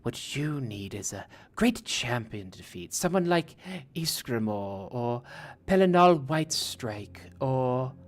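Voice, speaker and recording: A man voicing a seductive female Daedra who taunts her rival, in a soft, breathy voice. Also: medium pitch, big pitch swings, slow pace, voice pushed down. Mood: sneering. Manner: mocking, taunting.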